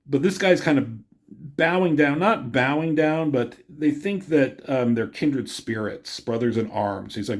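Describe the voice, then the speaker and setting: A man's voice: mid-range voice, measured pace. A man giving a casual, rambling comic book review, cursing often and talking offhand.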